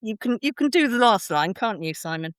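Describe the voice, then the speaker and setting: A woman's voice: mid-range voice, expressive, brisk, fairly bright tone, dry recording, clean studio sound. A woman on a football podcast, talking in a wry, teasing way. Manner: wry, teasing, fond of metaphors. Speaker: podcast panelist. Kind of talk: casual football podcast chat.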